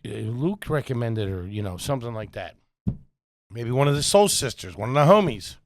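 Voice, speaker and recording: A man's voice: medium pitch, moderate pace, a little hiss or hum. A man co-hosting a comedy podcast, telling stories in casual banter full of swearing and stammered restarts. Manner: animated storyteller, swears often, stammering restarts. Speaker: podcast co-host.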